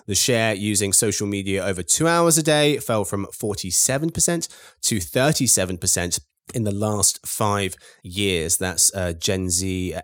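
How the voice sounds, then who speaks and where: A man's voice: low-pitched, no room sound, studio quality. A man hosting a panel podcast, reading stories and running a quiz game in a playful, upbeat way. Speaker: podcast host.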